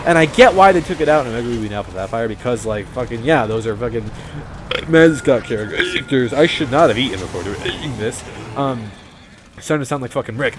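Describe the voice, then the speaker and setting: Young guy rambling thru game commentary, swears a ton, really animated, pitch all over the place. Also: a little fast, faint music behind. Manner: rambling, profane, animated storytelling. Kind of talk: casual let's-play commentary.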